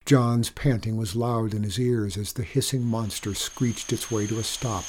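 A man reading a story aloud in an even, measured storytelling manner. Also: fairly low pitch, slight background noise. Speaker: narrator. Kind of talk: audiobook narration.

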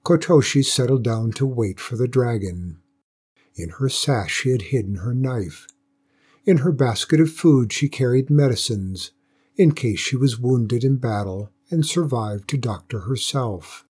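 A man reads a folktale aloud at a measured, gentle pace. His voice is dark and mellow, with a husky grain running through it. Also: mid-range voice, lively intonation. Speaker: narrator. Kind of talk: storybook reading.

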